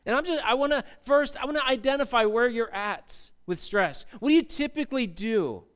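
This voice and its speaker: A male pastor preaching a sermon in a church, animated and acting out panicked voices. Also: very high voice, normal speed, clear, resonant tone.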